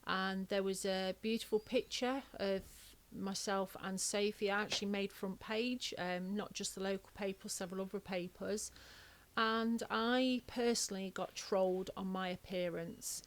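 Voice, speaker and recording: A woman's voice: mid-range voice, fairly even intonation, normal speed, slight background noise. A woman talking as a podcast guest, earnest and open as she speaks plainly about hard times. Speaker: podcast guest, charity founder. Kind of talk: casual conversation.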